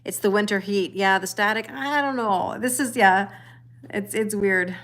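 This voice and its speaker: A woman's voice: mid-range voice, measured pace, a bit bright. A middle-aged woman hosting a casual tarot live stream at home, chatting and greeting viewers by name, laughing often. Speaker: tarot reader livestream host.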